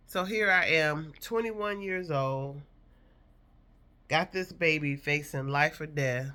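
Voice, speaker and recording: A woman's voice: sits low, a little slow, sharp tone. A woman in her fifties telling a personal story from her past in an earnest, reflective, emotional way.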